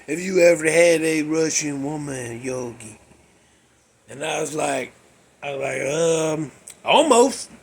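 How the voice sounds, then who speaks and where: A man with a high, gravelly voice and a husky edge tells rambling folksy stories in no hurry. He chuckles often and restarts his sentences as he talks. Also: fairly bright tone. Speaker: podcast host. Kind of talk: casual rambling storytelling. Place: garage.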